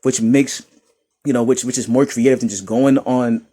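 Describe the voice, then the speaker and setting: A young New Yorker reads comments aloud and mocks them, his casual commentary full of laughter and animated rants. He speaks at normal speed in a mid-range voice with a breathy edge.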